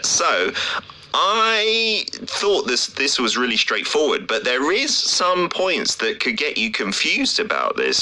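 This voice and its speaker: Animated, bright-voiced male radio DJ. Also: medium pitch. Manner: jokey, teasing, animated. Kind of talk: lively radio banter.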